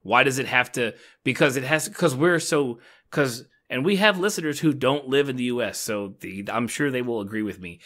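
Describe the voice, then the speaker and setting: A man from the United States co-hosting a podcast in casual chat, animated and laughing often, swearing now and then. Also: mid-range voice, normal speed, hardly any pauses. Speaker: podcast co-host.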